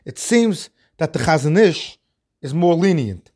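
A man's voice: fairly high pitch, big pitch swings, a little slow, a little mellow. A man giving a Talmud lecture, reading the Aramaic phrases and explaining each one in English. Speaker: Talmud teacher. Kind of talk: Talmud lecture, translating line by line.

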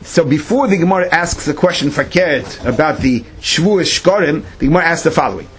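Animated Yeshivish man teaching Talmud. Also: on the high side, fairly quick. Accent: Yeshivish English. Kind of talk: Talmud class lecture.

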